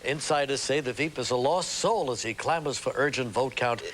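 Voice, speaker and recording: A man's voice: mid-range voice, moderate pace, a bit bright. Older male host, chatty and teasing, tells long stories; grainy VHS tape with faint hiss. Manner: chatty storyteller, teasing guests. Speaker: morning show host. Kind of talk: casual chat, reading the news. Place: TV studio with live audience.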